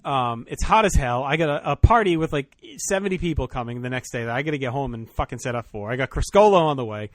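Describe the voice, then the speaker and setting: A man's voice: mid-range voice, animated, quick pace, few pauses, no echo, studio quality. Casual swearing podcast host man.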